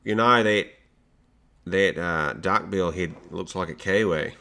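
A man's voice: deep voice, takes it slowly, creaky, sharp tone, a little hiss or hum. A man co-hosting a podcast, chatting casually about movie trailers with jokey, sarcastic asides. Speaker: podcast co-host.

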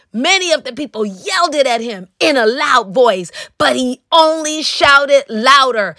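A woman preaching on her podcast with a high, bright voice, pressing her points with fervent emphasis and breaking into shouts. The sound is close and completely dry, with no room around it. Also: lively intonation, unhurried, no echo.

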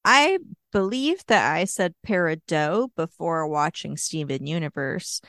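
A young woman co-hosting a podcast, sharing facts in a laid-back, steady way. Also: low voice, a little slow, dry recording, clean studio sound. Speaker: podcast co-host. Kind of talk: casual chat, sharing facts.

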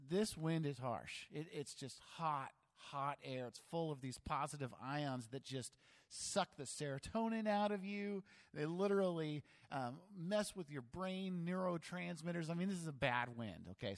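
A man's voice: fairly high pitch, big-room sound. A man preaching a sermon in a casual, conversational way, with self-deprecating humor. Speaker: pastor.

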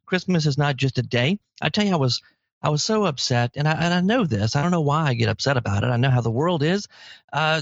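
A man hosting a podcast in casual chat, lively and talkative, with sudden jumps in pitch. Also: no echo. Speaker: podcast host. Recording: dry, slightly dull lo-fi audio.

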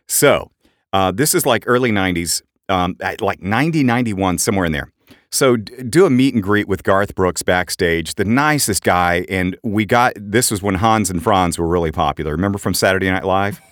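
A middle-aged man co-hosting a podcast, telling animated anecdotes in casual chat and jumping up in pitch for quoted voices. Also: moderate pace, no room sound, clean studio sound. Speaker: podcast co-host.

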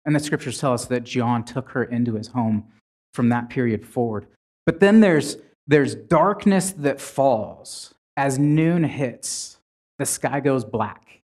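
A man's voice: mid-range voice, takes it slowly, a little mellow. A man preaching a sermon in a conversational way, retelling scripture with frequent restarts.

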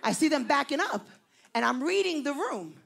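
A woman pastor telling a story in a sermon, animated and rising to loud emphasis. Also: high-pitched, moderate pace, gravelly.

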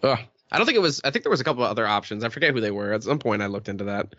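A man with a bright, forceful voice riffing on a podcast, cursing freely and laughing easily. The audio is muffled and lo-fi. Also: fairly low pitch, expressive, very fast. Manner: profane, emphatic and laughing. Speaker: podcast co-host. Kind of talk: casual chat.

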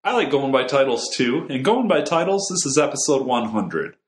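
A man's voice: mid-range voice, very animated, moderate pace, roomy sound. A man co-hosting a podcast, looking back nostalgically and chuckling as he talks. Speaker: podcast co-host. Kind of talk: casual podcast chat.

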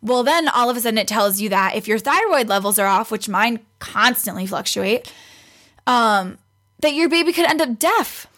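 A woman's voice: fairly high pitch, animated, normal speed, fairly bright tone. A pregnant young woman telling a story in casual chat, acting out what others said and laughing often. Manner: chatty, acts out quoted voices, laughs often. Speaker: guest.

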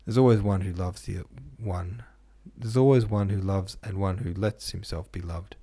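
A man reading the part of a regretful young man who speaks gravely and quietly. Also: sits low, steady tone, moderate pace, no room sound.

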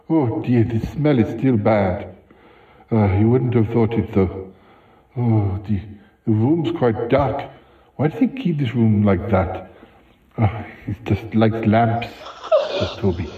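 A man's voice: fairly low pitch, voice pushed down. A man voicing a timid, fretful male character who frets anxiously and keeps saying oh dear. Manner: anxious, dithering, lots of "oh dear". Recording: roomy, dull sound with loud noise.

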